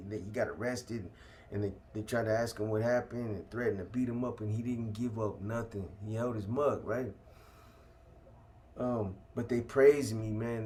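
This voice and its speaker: A man's voice: fairly low pitch, a little mellow, a little hiss or hum. A man casually telling a story from his own life, full of street slang and swearing, often tacking "man" onto the end of a sentence. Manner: street slang, heavy cursing, keeps adding "man".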